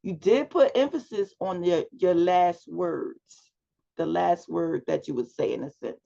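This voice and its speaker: Female instructor, fry in the voice, lo-fi video call audio, prompting and critiquing students. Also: on the low side, a little slow, mellow. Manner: coaching, asks questions and prompts students. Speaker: public speaking instructor. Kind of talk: class feedback over video chat.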